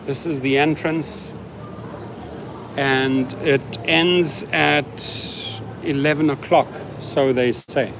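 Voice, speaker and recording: A man's voice: mid-range voice, steady tone, extremely slow, creaky, background noise. A man talking casually on a livestream from his parked car, chatty and often repeating words as he restarts his sentences. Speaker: rideshare driver host answering live chat.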